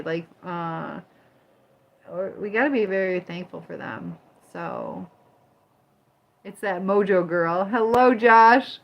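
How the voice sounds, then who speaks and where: Speaking in a mid-range, fairly bright voice, this livestream host from Michigan and Indiana keeps things casual, welcoming viewers by name as she chats. When it comes to moderating the chat, she's firm.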